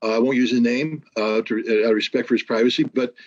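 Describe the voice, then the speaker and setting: A man's voice: mid-range voice, steady tone, fast talker, highs cut off. A man telling stories in casual conversation, emphatic, with frequent restarts. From United States. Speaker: guest, former weapons inspector.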